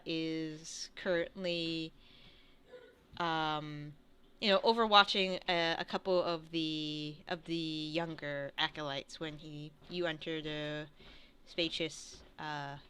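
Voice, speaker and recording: A young woman runs a tabletop game as its game master. She narrates slowly and hesitantly, with many fillers and restarts. Her voice is bright and very clear. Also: deep voice.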